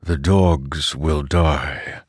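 A man voicing a sad, ancient storm spirit who speaks softly and slowly. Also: low-pitched, dry recording, studio quality. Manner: soft, slow, sorrowful.

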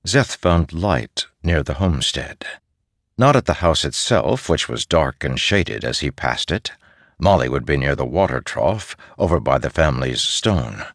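A man narrating a story as an audiobook in an expressive reading style. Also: extremely low pitch, a little slow, dry recording, studio quality.

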